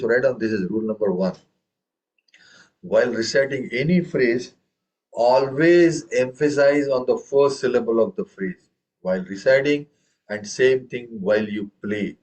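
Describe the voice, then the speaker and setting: A man leads a tabla lesson at a steady, mid-range pitch. He keeps asking his students questions and stresses the first syllable hard when he recites drum phrases. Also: poor audio. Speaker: tabla teacher. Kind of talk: online group music lesson.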